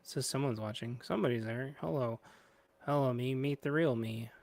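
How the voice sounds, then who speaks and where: A man with a medium-pitched, slightly mellow voice talks a little fast as he hosts a podcast livestream. Waiting for his guest, he chats in a scattered, playful way, drifting off mid-sentence in this rambling pre-show talk.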